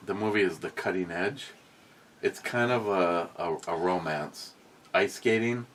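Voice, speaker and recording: A man with a lowish voice hosting a casual beer review chat. He rambles through stories in a loose, profane way, and his voice gets animated as he goes. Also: a little slow, a little hiss or hum. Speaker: beer review podcast host.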